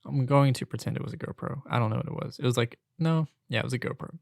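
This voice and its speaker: Young man, podcast host, casual venting, gravelly, dry and close. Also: medium pitch, fast, a little mellow, dry recording. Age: young adult. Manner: exasperated, venting, swears casually. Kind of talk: casual solo rant.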